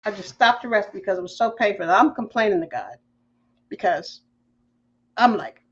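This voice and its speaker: Woman telling an animated faith story. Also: fairly high pitch, normal speed, highs cut off. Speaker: podcast guest. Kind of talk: personal storytelling, testimony.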